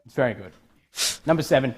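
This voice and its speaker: A man's voice: mid-range voice, animated, fast, a little mellow, slightly rough. A man hosting a live trivia quiz, reading questions and joking with his co-host. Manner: jokey, reads questions aloud, laughs often. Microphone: studio microphone.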